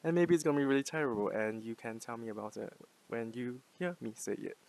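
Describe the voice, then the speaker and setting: A man's voice: mid-range voice, lively intonation, fast talker, vocal fry, darkish tone, rough recording. A young man from Singapore with a light Singaporean English accent, musing unscripted to camera, full of "like" fillers and restarts. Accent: mixed, light Singaporean English. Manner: rambling, many "like" fillers and restarts. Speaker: vlogger.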